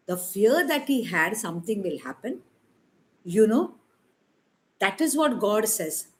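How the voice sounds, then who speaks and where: A woman's voice: mid-range voice, sing-song, a little slow, long pauses, rough recording. A woman, giving an informal sermon in a conversational, emphatic way with many rhetorical questions. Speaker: preacher.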